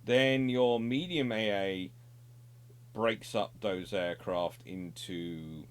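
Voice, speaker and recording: A man's voice: lowish voice, slow, slight background noise. A middle-aged man presenting naval history in an unscripted, discursive explanatory monologue. He corrects himself often and adds wry asides.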